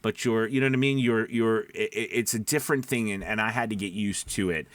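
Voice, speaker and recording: Low-voiced man giving rambling advice. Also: fairly quick, no room sound. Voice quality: speaks low from the back of the throat. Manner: rambling, drifts off topic and back. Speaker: voice-over actor. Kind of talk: casual advice talk to camera. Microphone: studio microphone.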